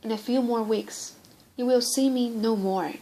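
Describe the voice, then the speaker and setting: Earnest little dying girl, soft and pleading, kinda high, woman reading her lines in an audiobook. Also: fairly even intonation, unhurried, poor audio. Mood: tender. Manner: solemn, pleading, tender.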